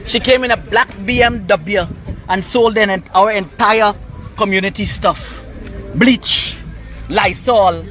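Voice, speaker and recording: A community worker talks indignantly into the camera while riding through town. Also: male voice, sits high, slow pace, faint music behind. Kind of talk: on-the-go vlog. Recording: loud traffic noise.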